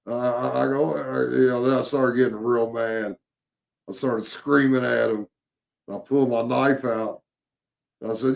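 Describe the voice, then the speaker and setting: A man telling his own encounter story in a casual, halting way, with many fillers and restarts. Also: medium pitch, fairly even intonation, gravelly.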